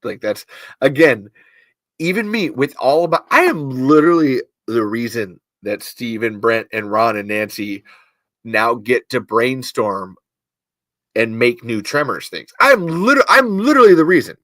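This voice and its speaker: Animated, swearing podcast host. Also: male voice, mid-range voice, measured pace, dry recording, clean studio sound. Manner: animated, swearing freely, testy and emphatic. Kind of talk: casual livestream chat reading viewer comments.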